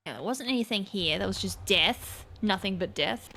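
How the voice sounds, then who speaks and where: The recording is very noisy, and the woman's medium-pitched voice is creaky yet lively in intonation, at a normal speed. She hosts a gaming channel, offering casual let's-play talk as she plays, thinking aloud, joking about her own mistakes and exclaiming without warning.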